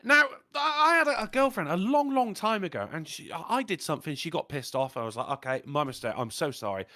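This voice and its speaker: A man co-hosting a livestream, swearing freely and telling animated stories. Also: sits high, quick pace, no room sound, studio quality. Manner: animated, profane storyteller. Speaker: livestream co-host. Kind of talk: casual political livestream chat.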